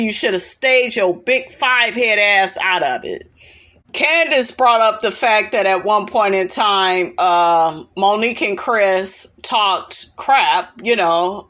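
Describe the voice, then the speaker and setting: A woman with a mid-pitched voice doing a casual reality TV recap. She is blunt and sassy and swears freely, talking back at the people she describes. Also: pushed and bright.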